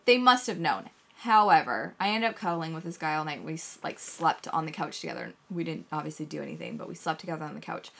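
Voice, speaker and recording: A woman co-hosting a casual podcast chat, telling a story in an animated way and swearing often. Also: low-pitched, fast talker, creaky, hardly any pauses. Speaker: podcast co-host.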